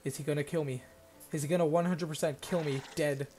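A man's voice: fairly high pitch, fairly even intonation, brisk, a little mellow, faint music behind. Young man hamming up game commentary. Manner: mock-dramatic, exaggerated panic and sarcasm. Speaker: gaming channel host. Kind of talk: gameplay commentary.

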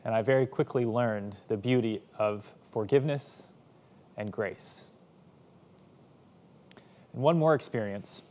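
A man in his thirties, a pastor telling stories from his childhood in a sermon, animated and acting out the voices in them. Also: on the low side, a little slow, long pauses. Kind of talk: sermon storytelling.

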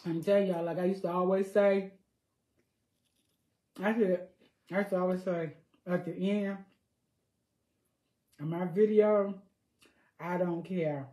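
Older woman, folksy food-vlog chatter, unhurried and mellow. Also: fairly low pitch, steady tone. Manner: savoring, folksy, murmurs "mm" between bites. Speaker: food vlogger. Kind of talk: casual eating vlog chat. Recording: roomy echo.

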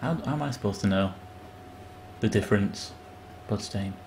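An English man chatting and joking while he streams a game, with sudden loud outbursts. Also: lowish voice, moderate pace, a little hiss or hum. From England. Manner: chatty, self-mocking, bursts into loud outbursts. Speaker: gaming streamer. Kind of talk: live gameplay commentary.

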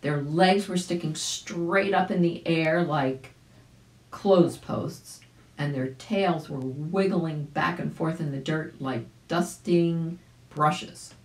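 A woman reading a children's story aloud as a volunteer reader, gentle, with small asides. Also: low voice, slow pace, roomy sound, rough recording. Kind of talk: audiobook read-aloud for children.

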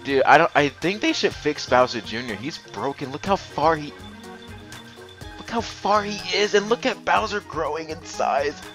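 Young male let's-play gamer, jumpy lively pitch, stammers, repeats, game music under him. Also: normal speed. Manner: excitable, stammers and repeats words. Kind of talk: excited gameplay commentary.

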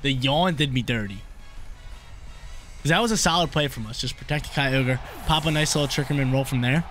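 A man's voice: a little high, quick pace, a bit bright. A young man thinking aloud as he commentates his own game, casual and full of slang, often repeating his lines. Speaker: gaming YouTuber. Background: game music.

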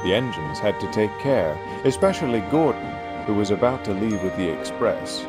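Expressive male storybook narrator over music. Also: lowish voice. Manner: expressive, slows for suspense. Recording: music playing underneath.

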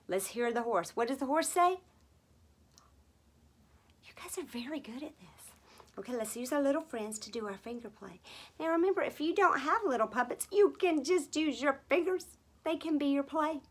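A woman leading a gentle music and sign-language lesson for small children, speaking softly and slowly, often dropping to a whisper. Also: high voice. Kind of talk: gentle teaching for toddlers.

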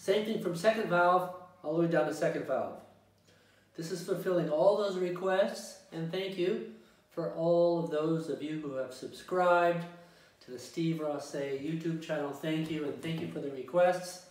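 A man teaching an online tuba class, speaking slowly and deliberately as he walks through exercises and counts in. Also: fairly high pitch, very echoey, recorded from a distance, poor audio. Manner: slow, deliberate instruction with counting. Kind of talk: online music lesson. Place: home practice room.

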